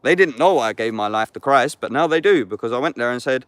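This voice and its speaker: A mid-range, lively male voice comes fast with few pauses, fairly bright and dryly recorded. The speaker, a YouTuber of about thirty, is casually vlogging in the woods, reading scripture and reflecting in sweary street slang while calling people "bruv."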